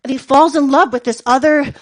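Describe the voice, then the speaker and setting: A woman doing a stand-up comedy set, telling long rambling bits in a deadpan way with lots of filler words. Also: high voice, a little fast. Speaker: stand-up comic.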